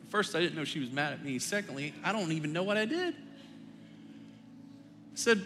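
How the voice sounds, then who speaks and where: A middle-aged man preaching a sermon as pastor, telling family stories in a relaxed, joking, conversational way. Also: fairly high pitch, normal speed, long pauses, background noise. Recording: long hall reverb.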